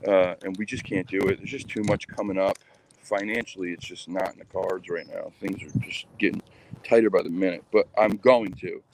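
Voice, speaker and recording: A man's voice: low-pitched, fairly even intonation, fairly quick, background noise. A man chatting casually to his viewers in a rambling, hesitant way, full of fillers. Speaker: cryptid vlogger.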